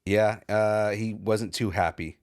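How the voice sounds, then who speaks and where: A man's voice: fairly low pitch, fairly even intonation, slow pace, a little mellow, clear, resonant tone. A man co-hosting a geek culture podcast, chatting casually and hesitantly with many restarts. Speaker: podcast co-host. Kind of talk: casual chat.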